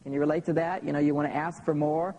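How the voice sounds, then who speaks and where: A man's voice: on the high side, flat delivery, fast talker, mellow, low-quality recording. A man in his thirties tells personal stories in a live seminar talk to an audience, often checking in with "okay?". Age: 30s. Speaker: seminar speaker.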